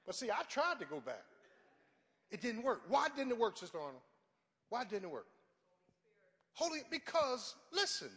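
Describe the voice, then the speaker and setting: An older man preaching a sermon, telling stories from his life and rising to fervent shouts. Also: high voice, wildly swooping pitch, moderate pace, pauses often, long reverb tail. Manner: storytelling, builds to fervent shouting.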